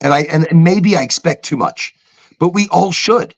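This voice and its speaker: A man's voice: a little high, moderate pace, dull audio. A man co-hosting a casual podcast, talking emphatically with repeated phrases and mimicking automated phone voices. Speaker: podcast co-host.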